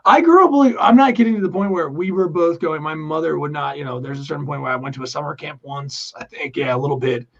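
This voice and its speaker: A man with a Philadelphia accent co-hosting a podcast, rambling and excitable, swinging between loud bursts and quiet asides. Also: on the high side, quick pace, gravelly, hardly any pauses. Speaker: podcast co-host. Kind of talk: casual crude banter. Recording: dull lo-fi podcast audio.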